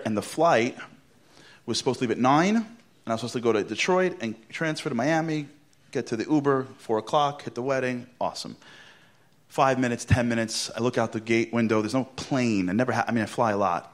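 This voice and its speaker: A middle-aged man from Brooklyn, telling a story on stage in an animated, theatrical way, acting out the dialogue and dropping to a hush for punchlines. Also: medium pitch. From Brooklyn, New York. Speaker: motivational speaker.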